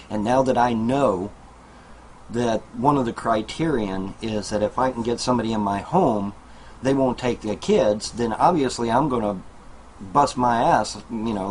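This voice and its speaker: In a rough recording with a little hiss or hum, a video blogger talks casually to his webcam at home in a small trailer. His voice sits on the low side at a moderate pace, and his monologue to camera rambles and repeats, full of fillers and asides to viewers.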